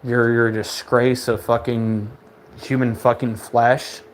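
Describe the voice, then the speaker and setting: A man's voice: medium pitch, level tone, measured pace, a little hiss or hum. A young man in a casual podcast monologue. He rants with constant swearing and scorn, rambling and stammering as he restarts his sentences. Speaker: podcast host.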